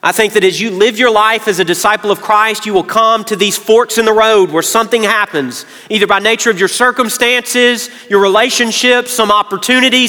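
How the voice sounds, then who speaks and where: An earnest male pastor preaches to his church. His voice sits high and sounds bright and forward. The hall gives it a long, lingering reverb. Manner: earnest, drops to quiet tones when emotional. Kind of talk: sermon.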